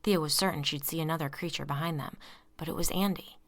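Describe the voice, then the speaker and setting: A woman narrating a story aloud, reading tense dialogue in hushed whispers. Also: deep voice, steady tone, fast talker. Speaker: audiobook narrator. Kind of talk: scripted narration.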